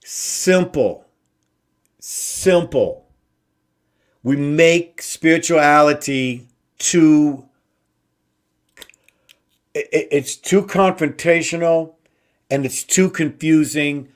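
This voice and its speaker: A man hosting an inspirational talk show, slowly repeating simple phrases with emphasis. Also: fairly high pitch, fairly even intonation. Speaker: host.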